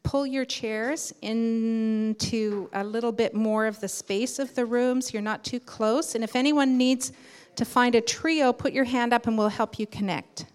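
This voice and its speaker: A woman's voice: fairly high pitch, fairly even intonation, measured pace, darkish tone, clear, resonant tone. A woman facilitating a workshop, giving friendly, encouraging instructions to participants.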